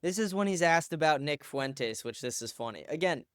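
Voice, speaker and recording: A man's voice: on the high side, expressive, normal speed, smooth, no room sound, clean studio sound. A man hosting a commentary show, ranting crudely and profanely over clips. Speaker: host.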